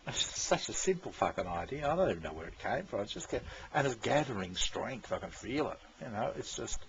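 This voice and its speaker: A man's voice: medium pitch, very animated, a little fast, a little hiss or hum. A man, rambling in casual chat, swearing freely and chuckling often. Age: 60s. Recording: dull lo-fi recording.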